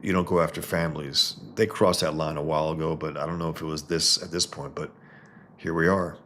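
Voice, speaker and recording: Deep voiced guy rambling on about a comic to his viewers, chatty. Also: steady tone, brisk, sharp tone, a little hiss or hum. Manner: rambling, conversational, many restarts. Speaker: comic book reviewer. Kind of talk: casual video commentary.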